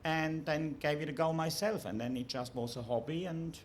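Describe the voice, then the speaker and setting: A man's voice: a little high, moderate pace, a little hiss or hum. Man, dry and laughing. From Germany. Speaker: comedian panelist. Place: festival venue before an audience.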